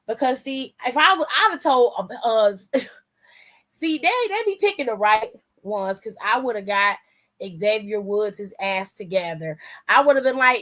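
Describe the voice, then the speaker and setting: Animated, profane woman recapping wrestling. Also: sits high, moderate pace. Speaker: wrestling aftershow host. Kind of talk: casual recap commentary.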